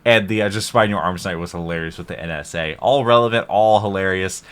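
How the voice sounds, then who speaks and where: A man with a low, deep voice hosts a reaction video. He speaks in a loose, rambling, heartfelt way, peppering his talk with "like". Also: a little fast, fairly bright tone, smooth. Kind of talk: casual reaction commentary.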